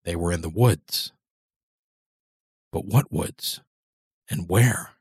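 A man narrating a horror story in a steady, measured storytelling manner. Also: low voice, no room sound, clean studio sound. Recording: voice over clear background music.

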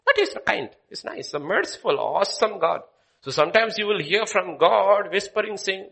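A man preaching a sermon, swinging from loud declaiming to hushed whispers. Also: sits high, big pitch swings, normal speed, gravelly.

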